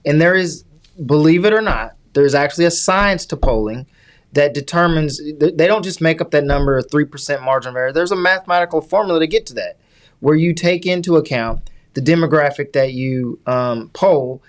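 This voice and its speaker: A man's voice: a little high, brisk. A man co-hosting a podcast, explaining politics at length in an earnest, lecturing way during casual chat. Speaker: podcast co-host.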